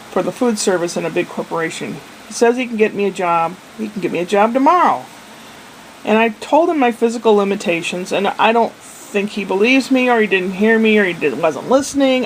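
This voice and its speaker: A woman's voice: mid-range voice, slight background noise, low-quality recording. An older woman in a casual video diary, chatty and meandering, with a self-deprecating manner. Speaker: vlogger.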